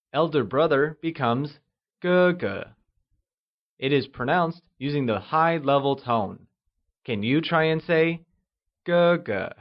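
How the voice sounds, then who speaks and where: A man narrating a scripted language lesson, calmly leading listeners through words and praising each try. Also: medium pitch. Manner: slow, patient, encouraging drills. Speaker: language teacher. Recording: slightly dull lo-fi audio.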